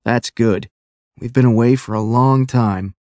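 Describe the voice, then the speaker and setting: A man voicing an older, short, gray-haired gentleman who speaks courteously and kindly. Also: mid-range voice, fairly even intonation, unhurried, no echo, close to an everyday voice. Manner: courteous, friendly.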